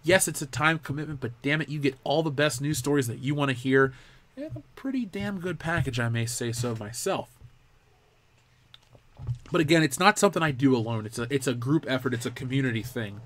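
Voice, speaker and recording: A man's voice: medium pitch, animated, fairly quick, fairly bright tone. A young man hosting a live pop culture show, ranting in a heated, profane way. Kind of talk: live-stream commentary rant.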